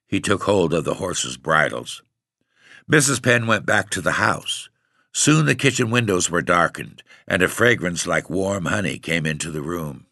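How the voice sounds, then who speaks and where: Man, audiobook narrator, gravelly, lively intonation, bright tone, dry close sound. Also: deep voice, moderate pace, no room sound. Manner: expressive storytelling.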